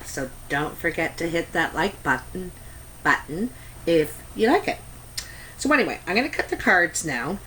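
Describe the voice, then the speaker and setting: A woman's voice: on the low side, lively intonation, normal speed, fairly bright tone, slight background noise, rough recording. A Canadian woman giving a casual tarot reading to camera, chatty and meandering, with many ums and asides. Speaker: tarot reader.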